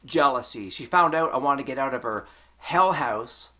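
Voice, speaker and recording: A man's voice: medium pitch, animated, normal speed, pushed and bright. A middle-aged man from Canada, telling a personal story to his vlog in a heated, profane rant full of swearing. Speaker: vlogger.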